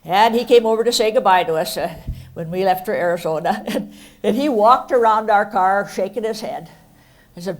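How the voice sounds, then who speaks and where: An older woman from Minnesota, telling homespun stand-up stories with deadpan punchlines on a theatre stage. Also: mid-range voice, moderate pace. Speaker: comedian. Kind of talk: folksy stand-up storytelling. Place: stage of a performing arts center.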